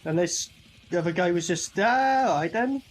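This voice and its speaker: A man's voice: high voice, lively intonation, moderate pace, noisy background. A man giving a sarcastic, swearing commentary while a cheap movie plays. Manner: sarcastic, swearing, talks over the film. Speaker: movie reviewer. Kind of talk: casual film commentary.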